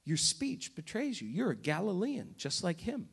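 A man's voice: high voice, huge pitch swings, normal speed, vocal fry, slightly rough, exaggerated voice. A man voicing a nosy little old woman who keeps pointing out where someone comes from. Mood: prying.

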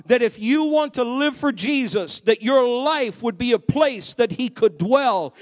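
A male preacher delivering a sermon, emphatic, swinging between loud shouted passages and quiet, low asides. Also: animated, a little slow.

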